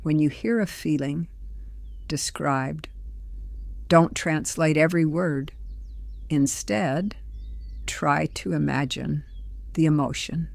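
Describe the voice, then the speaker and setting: An older woman voicing a grandmother, telling a story in a gentle, soothing way. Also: sits low, slow, vocal fry, no echo. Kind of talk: slow scripted storytelling.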